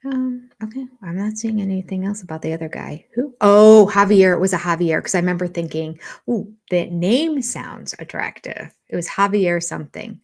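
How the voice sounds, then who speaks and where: A woman's voice: mid-range voice, fairly quick, creaky, hardly any pauses. Chatty older woman, live-stream host. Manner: chatty, thinks aloud, drops into soft half-whispered asides. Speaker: reality TV livestream host. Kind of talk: casual live-stream chat, reading viewer comments.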